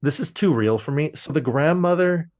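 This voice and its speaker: A man's voice: on the high side, animated, normal speed, a little mellow. A man co-hosting a podcast, chatting casually and rambling through an episode recap with lots of fillers. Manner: rambling with many fillers and restarts. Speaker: podcast co-host. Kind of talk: casual show review chat.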